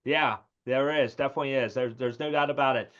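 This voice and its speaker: A man's voice: mid-range voice, steady tone, fast talker, a bit bright, highs cut off. A man co-hosting a finance talk show, easygoing as he asks questions and wraps up. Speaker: co-host.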